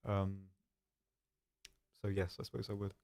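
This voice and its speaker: A young man hosting a live stream, answering chat questions in a calm, soft-spoken, dry and self-deprecating way. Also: low voice, unhurried, creaky.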